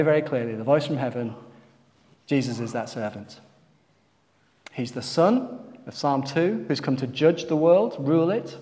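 A man's voice: mid-range voice, a little mellow, in a large hall. A man preaching a sermon to his congregation, asking them questions and calling on people by name.

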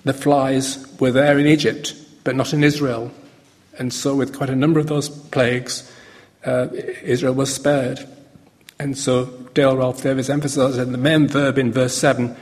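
A man preaching a sermon in a relaxed, conversational way, often pausing and restarting his sentences. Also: mid-range voice. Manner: conversational, halting with fillers and restarts. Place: church hall. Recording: long hall reverb.

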